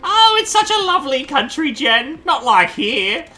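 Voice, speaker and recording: A man reading game dialogue aloud, voicing a fussy, chatty old mother with a shrill, warbly voice. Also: sing-song, a little slow, bright, forceful tone, exaggerated voice.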